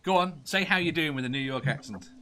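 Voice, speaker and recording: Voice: medium pitch, expressive, fast talker, pushed and bright, faint music behind. A speaker, reading out viewer chat and teasing the others in casual banter.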